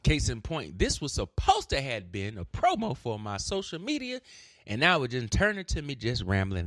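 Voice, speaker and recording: A man hosting his own podcast, rambling in a casual monologue, cursing freely and breaking into sudden shouts. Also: mid-range voice, wildly swooping pitch, normal speed, dry recording, clean studio sound. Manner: profane, loud swings and sudden shouts. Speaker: podcast host.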